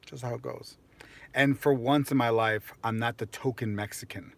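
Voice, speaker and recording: A man's voice: medium pitch, fairly even intonation, moderate pace, gravelly. A young American man chatting casually on a live stream, rambling and self-mocking, with lots of fillers. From United States.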